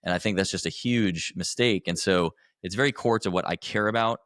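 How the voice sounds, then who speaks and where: Deep voiced guy on a podcast, earnest, kinda rambly, dry close sound. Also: a little fast, a bit bright, dry recording. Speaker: podcast guest, coach for husbands. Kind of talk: conversational interview.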